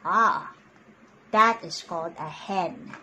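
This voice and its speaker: A young adult woman reading picture books aloud to children in an animated, sing-song voice. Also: fairly low pitch, slow, slight background noise. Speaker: children's storyteller.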